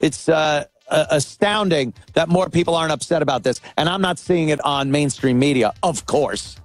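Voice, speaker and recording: A man guest-hosting a talk-radio show, giving a sarcastic, animated opinion monologue. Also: on the high side, moderate pace, soft background music.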